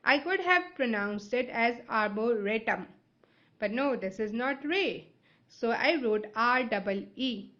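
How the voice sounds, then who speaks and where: A woman's voice: a little high, expressive, a little slow, fairly bright tone, highs cut off. A woman teaching vocabulary in a video lesson. English is not her first language. She explains step by step and keeps checking in with "right?" and "okay?".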